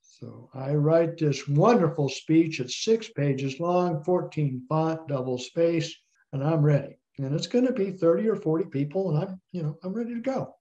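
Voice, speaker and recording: Middle-aged male interview guest, lively storyteller, warm dark tone, slightly dull recording. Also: fairly high pitch, moderate pace. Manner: animated anecdotal storyteller.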